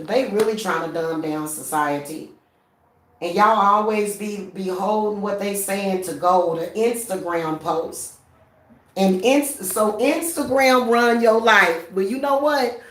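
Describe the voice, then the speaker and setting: A woman's voice: mid-range voice, a bit bright, roomy sound. Blunt, profane woman ranting at home. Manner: blunt, profane, laughing, talks straight to viewers. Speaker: spiritual practitioner vlogger. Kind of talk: casual ranting vlog.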